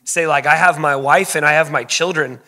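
A man talking earnestly and casually in a live-stream chat, laughing often, with quick asides. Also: fairly high pitch, fairly even intonation, bright, forceful tone, long reverb tail. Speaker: guest, missions school leader. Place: indoor living room.

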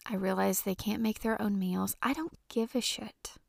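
A woman's voice: medium pitch, steady tone, moderate pace, vocal fry, dry recording, clean studio sound. A woman in her thirties hosting a podcast, ranting casually and profanely with exasperation. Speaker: podcast host.

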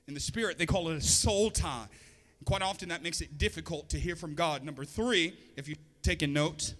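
High bright-voiced guy preaching a sermon, chatty with little jokes, long hall echo. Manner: conversational preaching with joking asides. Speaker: pastor.

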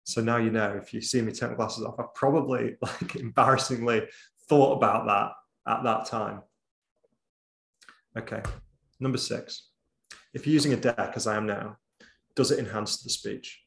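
A man gives a conversational online presentation, changing his volume and tempo and at times dropping nearly to a whisper. His voice is fairly low and gravelly, with fairly even intonation at a moderate pace. The recording has a roomy echo.

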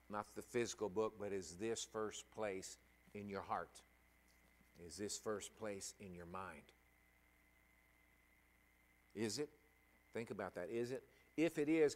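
A middle-aged man preaching a sermon and telling a personal story, halting and emotional, with many restarts. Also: fairly low pitch.

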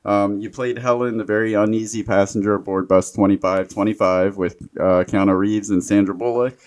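A man hosting a casual interview, asking enthusiastic but halting questions. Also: lowish voice, fairly even intonation, a little mellow. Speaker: podcast host.

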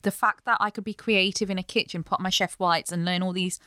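A woman's voice: on the low side, steady tone, a little fast, sharp tone, no room sound, clean studio sound. A young adult woman, a chef and business owner, chatting earnestly in an interview and explaining at length. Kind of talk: casual interview chat.

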